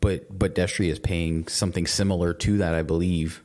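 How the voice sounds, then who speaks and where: A man's voice: low-pitched, steady tone, normal speed, darkish tone. A man co-hosting a podcast, chatting casually in a rambling way, full of restarts and swearing. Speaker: podcast co-host. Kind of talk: casual chat.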